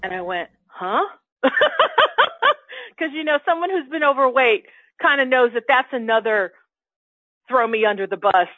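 A woman tells a personal story in an easygoing spiritual chat, slipping into the inner dialogue she remembers. Her fairly high voice comes through a thin, phone-like line, close and dry, and she speaks unhurriedly with long pauses.

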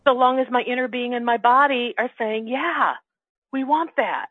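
A woman shares a personal story in relaxed spiritual conversation, slipping into her own remembered inner dialogue as she goes. Her voice sits fairly high and comes through a thin, phone-like line. The sound is close and dry. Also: moderate pace, dry recording. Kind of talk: casual spiritual chat.

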